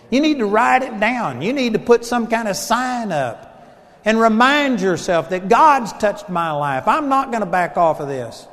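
High-voiced Texan preacher in a reverberant hall. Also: male voice, lively intonation, normal speed. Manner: storytelling preacher, swings between loud emphasis and soft asides. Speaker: pastor. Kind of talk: sermon.

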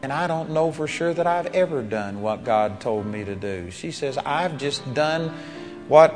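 A man preaching a sermon, telling a personal story with animated rises and quiet drops when quoting people. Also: mid-range voice, normal speed, soft background music. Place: large seminar hall. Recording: long reverb of a large hall.

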